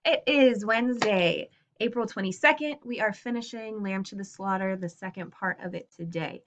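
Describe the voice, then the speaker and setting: A woman's voice: mid-range voice, normal speed, fairly bright tone. A woman teacher giving a casual lesson, recapping a story with playful asides before reading it aloud. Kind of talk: class lesson with read-aloud.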